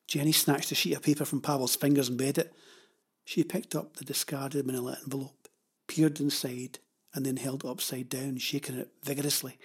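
A man narrating a children's novel in a measured, even storytelling manner. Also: mid-range voice, breathy edge. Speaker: audiobook narrator.

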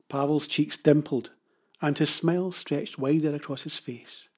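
A man reads a children's novel aloud in a measured, even storytelling manner. His voice sits a little high for a man and carries a husky grain. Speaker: audiobook narrator. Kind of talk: scripted storybook narration.

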